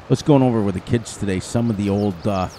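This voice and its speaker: There's slight background noise as a gaming host from upstate New York chats his way through gameplay, quick to laugh and prone to singing snippets. His voice is low and dark.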